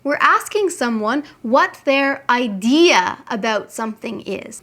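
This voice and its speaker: High-pitched woman, English teacher, clear deliberate delivery, slow model phrases. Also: lively intonation, a bit bright. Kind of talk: scripted English lesson.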